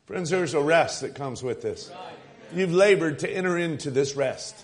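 A man's voice: a little high, expressive, moderate pace. A man preaching a sermon with emphatic delivery, repeating words and calling to his listeners as friends.

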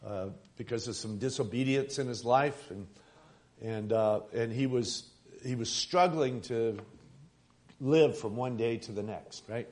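Halting male preacher. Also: mid-range voice, darkish tone. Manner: halting, many fillers and restarts. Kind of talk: sermon with a read-aloud story.

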